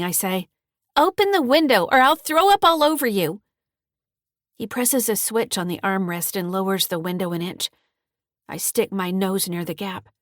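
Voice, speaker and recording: Woman reading her thriller audiobook, steady voice, dry close sound. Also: fairly low pitch, dry recording. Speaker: audiobook narrator and author. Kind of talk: scripted audiobook narration.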